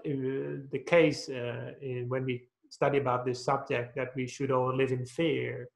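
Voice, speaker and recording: Man giving a dharma talk. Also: mid-range voice. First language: Dutch. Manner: patient, explaining with stories and many "uh"s. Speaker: Buddhist meditation teacher. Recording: roomy echo.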